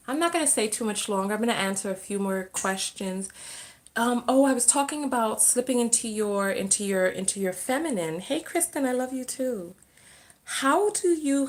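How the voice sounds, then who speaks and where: This woman's voice is fairly high and animated, delivered at a moderate pace. She coaches on self-love and relationships and is hosting a casual livestream Q&A, reading comments and answering spontaneously while often trailing off and restarting her sentences.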